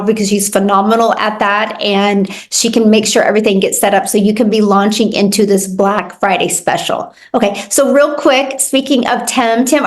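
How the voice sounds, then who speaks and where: Upbeat woman hosting a webinar. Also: mid-range voice. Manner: upbeat, encouraging. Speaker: webinar host.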